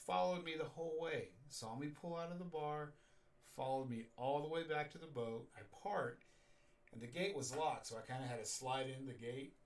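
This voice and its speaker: A man's voice: a little high, moderate pace, recorded from a distance. A man hosting a casual show, telling rambling stories and chuckling along. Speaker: show host. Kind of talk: casual radio show chat.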